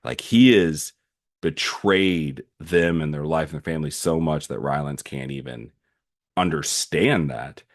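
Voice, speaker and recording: A deep-voiced man hosts a solo podcast, walking through a show's story with lively enthusiasm. He talks loosely, with plenty of fillers and restarts along the way. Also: measured pace. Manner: animated recap with frequent fillers. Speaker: podcast host.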